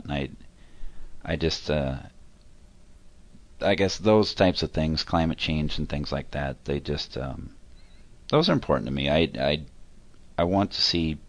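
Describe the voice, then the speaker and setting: A man answering interview questions about himself and his accounting work, talking in a halting, rambling way that keeps correcting itself. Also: very deep voice, no room sound.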